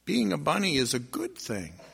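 Man doing a solemn wise wolf, low hushed voice, slow and grave, long hall echo. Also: wildly swooping pitch, creaky, breathy edge, exaggerated voice. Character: great gray wolf, wise, solemn, mysterious.

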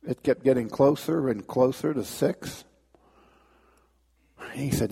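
A man telling a dramatic story as a sermon, halting and restarting as he builds tension. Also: mid-range voice, vocal fry, dark tone, breathy edge, long reverb tail.

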